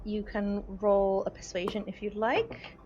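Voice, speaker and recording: A woman's voice: mid-range voice, steady tone, unhurried, dark tone. A woman running a tabletop game as dungeon master, narrating loosely with fillers and laughs. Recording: dull lo-fi podcast audio.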